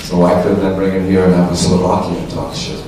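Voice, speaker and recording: A man in his sixties, a press-conference guest telling anecdotes in an animated way, often laughing. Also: low-pitched, fairly quick. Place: large echoey hall, press conference. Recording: echoey hall from far off with faint noise.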